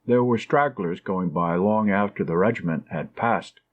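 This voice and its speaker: A man narrating an audiobook in a calm, measured way, in a slightly dull lo-fi recording. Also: deep voice.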